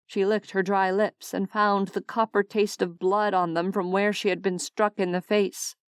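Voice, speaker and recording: A woman reading a novel aloud as an audiobook narrator, steady and expressive. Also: medium pitch, moderate pace, clean tone, no room sound, clean studio sound. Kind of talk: scripted narration.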